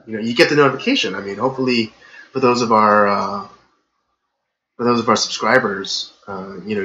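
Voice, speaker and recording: A man's voice: fairly low pitch, pushed and bright, muffled recording, slight background noise. A man hosting a podcast live stream, rambling through a casual rant full of "you know" fillers and getting worked up. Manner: gets worked up and ranting. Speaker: podcast host.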